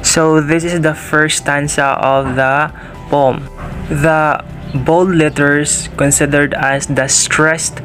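A young man giving a student class presentation, explaining poetic meter in a slow, careful, read-out way. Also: on the high side, little pitch movement, fairly bright tone, faint music behind.

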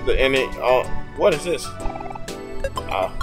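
Slow, lively-voiced man gaming. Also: mid-range voice, rough recording. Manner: mumbling, swearing, excitable outbursts. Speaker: let's play gamer. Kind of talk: casual gameplay commentary. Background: faint game music.

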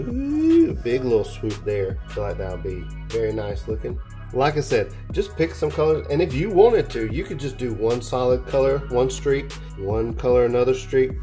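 A man hosting a hands-on craft tutorial, chatting casually and gushing with excitement as he works. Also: mid-range voice. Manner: enthusiastic, gushing, exclaims while working. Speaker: airbrush artist and channel host.

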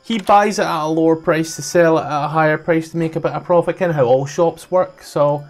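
A man's voice: fairly high pitch, fairly even intonation, a little fast, faint music behind. A man with a Scottish accent runs a tabletop game. He explains rules in a loose, conversational way, restarting phrases as he goes. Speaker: game master.

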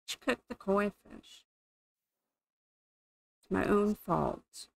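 Playing a life-sim game for her gaming channel, a woman chats along with amused, casual commentary, thinking out loud. She has a medium-pitched, gravelly voice, draws out her words and pauses often, and the recording is rough.

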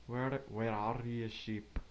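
A man giving casual let's play commentary, rambling and talking to himself with quick asides. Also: medium pitch, flat delivery, a little hiss or hum. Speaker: gamer narrating gameplay.

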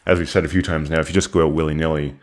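A man with a very deep, low voice, talking casually on a podcast. He explains his view earnestly and readily agrees with his co-host. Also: steady tone, racing. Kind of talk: casual discussion.

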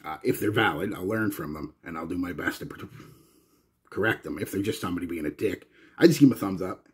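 A Canadian man talks casually to his viewers, wandering through his thoughts with plenty of restarts. His voice sits very low with a husky, breathy edge. The delivery is loose, chatty vlog talk. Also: lively intonation, fast talker. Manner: rambling and chatty, with frequent restarts. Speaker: fragrance reviewer.

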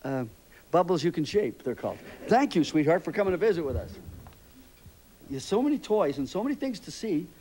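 An older man hosting a children's TV show, gently interviewing young kids in a chatty, rambling, fatherly way. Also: on the high side, sing-song, brisk, a little hiss or hum.

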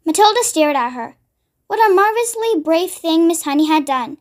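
Woman reading a children's book aloud, steady and clear, high pitch. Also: moderate pace. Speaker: storybook reader.

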